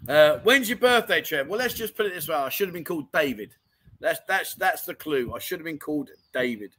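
A man's voice: on the high side, expressive, fairly quick, bright, forceful tone, low-quality recording. A man hosting a casual livestream chat show, reading out viewer comments and rambling with easy laughter. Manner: chatty, rambling, laughs easily.

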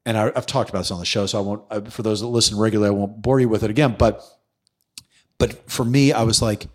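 A middle-aged former police detective from New York City tells a story in a casual interview, animatedly acting out what people said and swearing freely. His voice is lowish and he talks fast.

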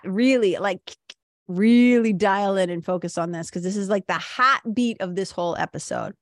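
A middle-aged woman talks straight to her listeners in a casual, excited monologue, peppering her sentences with quick asides. Her voice sits at an ordinary pitch and sounds dry and close, with no room around it. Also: dry recording. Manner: enthusiastic and animated, with many "like" and "right?" asides. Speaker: podcast host. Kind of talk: casual monologue, retelling a coaching session.

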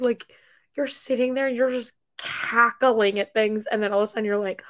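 A young woman co-hosting a casual chat, animated and laughing often as she tells stories. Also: on the high side, normal speed. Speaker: podcast co-host.

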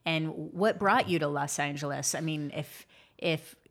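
A woman's voice: deep voice, measured pace. A woman hosting a casual interview, asking questions and chiming in encouragingly. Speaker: host.

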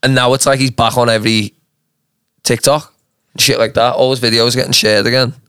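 A man's voice: mid-range voice, little pitch movement, brisk, pushed and bright, clear, resonant tone, dry recording, clean studio sound. A young man with a Manchester accent, co-hosting a podcast in casual, crude, joking banter. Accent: Mancunian English. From England. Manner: crude, joking, laughs a lot. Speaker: podcast co-host.

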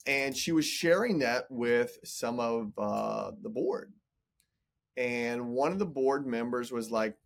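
A man's voice: mid-range voice, slow pace, creaky. A man in his forties, a business coach talking in a casual podcast interview, emphatic and motivational, often repeating words. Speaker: business coach and entrepreneur guest.

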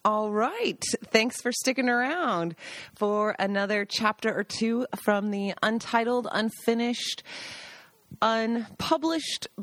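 A woman's voice: on the high side, slow, fairly bright tone, no room sound. Podcast host, woman, chatty memoir narration, dry voice. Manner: chatty, amused asides. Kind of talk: casual memoir reading and storytelling. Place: home in the countryside.

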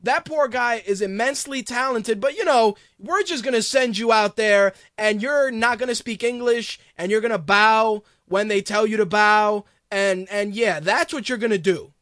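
High-voiced guy ranting on his podcast, swearing a lot, sarcastic, dry close mic. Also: normal speed, few pauses, fairly bright tone, dry recording. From Hispanic background. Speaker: podcast host. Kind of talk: ranting casual commentary.

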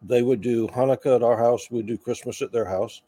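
Older male guest with a faint Southern accent; mellow, dry close mic, wry and easygoing. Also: mid-range voice, fairly even intonation, fairly quick, dry recording. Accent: slight Southern. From Charleston, South Carolina. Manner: warm, wry, self-deprecating humor. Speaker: guest, veteran. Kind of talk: casual interview storytelling.

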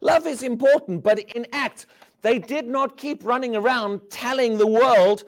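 A man preaching a sermon, asking the crowd rhetorical questions and dropping from loud emphasis to hushed words. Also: extremely high pitch, measured pace.

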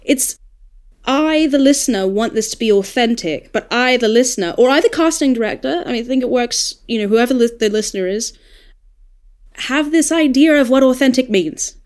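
Australian woman, narrator guest on a panel, fairly high voice, thinks aloud and warms up as she argues. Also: moderate pace, clean tone. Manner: thoughtful, animated when making a point. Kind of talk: casual roundtable discussion.

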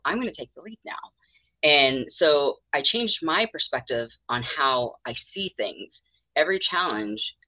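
A woman therapist with a very low, bright voice talks in a chatty, rambling way, acting out her own thoughts with a laugh. The sound is dry and a bit muffled. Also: dry recording. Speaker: mental health therapist, guest. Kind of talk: candid podcast interview.

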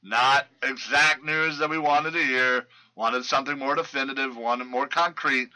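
A man talks loosely through football injury and roster news. His voice is very bright and forward. He stumbles and restarts often, filling gaps with ums and uhs. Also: mid-range voice, moderate pace, low-quality recording. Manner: loose and rambling, many fillers and restarts. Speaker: fantasy football podcast host. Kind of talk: casual sports news chat.

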